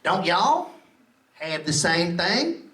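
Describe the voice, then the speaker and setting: A man voicing a big young Southern woman who talks in a very slow drawl, recorded in a roomy club from a distance. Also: high voice, very animated, sharp tone, voice pushed down, full character voice. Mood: mocking. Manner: very slow drawl, dragging words out.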